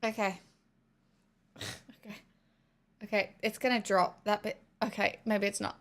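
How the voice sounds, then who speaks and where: A woman's voice: mid-range voice, level tone, measured pace. A woman with an Australian accent hosting a live stream, chatting casually and narrating aloud as she tastes food. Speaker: livestream host.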